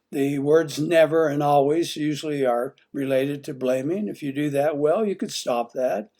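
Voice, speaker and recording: A man's voice: on the high side, moderate pace, warm tone. A man giving an instructional talk on marriage, putting many direct questions to the listener. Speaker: marriage teacher.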